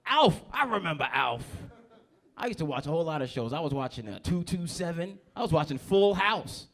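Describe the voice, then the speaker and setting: Guy from jersey doing stand-up in a club, kinda high voice, cussing and riffing with the crowd. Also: fairly quick, creaky. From New Jersey. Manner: brash, profane, crowd-working, animated voices for characters. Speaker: stand-up comedian. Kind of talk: stand-up comedy set. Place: comedy club stage.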